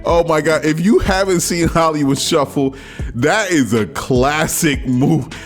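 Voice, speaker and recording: A man hosting his own podcast, talking casually and excitedly, often breaking into laughter and exclaiming. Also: on the high side, unhurried, soft background music. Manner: animated, laughs a lot, exclamatory. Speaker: podcast host. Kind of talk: casual solo commentary.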